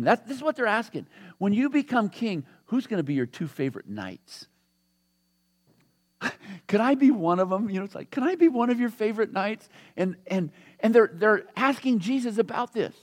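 A high-voiced pastor preaches a sermon in a conversational, storytelling style, acting out the voices of the people in the scripture he reads.

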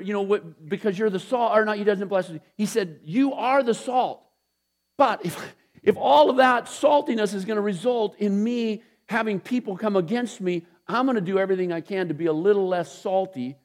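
A man's voice: high voice, darkish tone. A male pastor giving a sermon in a loose, conversational way, with many restarts and asides. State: tired after a short night.

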